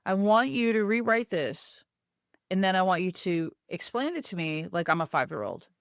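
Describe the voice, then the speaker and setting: Woman quoting patient male VP, calm, coaxing, step-by-step; dry close sound. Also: on the low side, normal speed, gravelly, clean tone, dry recording. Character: patient soft-spoken male marketing boss.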